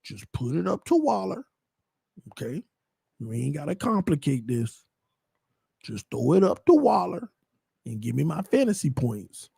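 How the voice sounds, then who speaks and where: An unhurried young man with vocal fry and a breathy edge hosts a live watch party, pausing often. He calls plays and banters with viewers in slang, excitably flipping between hype and low mutters, with no room sound.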